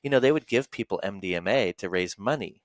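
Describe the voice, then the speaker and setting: Low-voiced casual male interviewer. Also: animated, fast talker, dry recording. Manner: casual, enthused, says "like" and "man". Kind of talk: conversational interview.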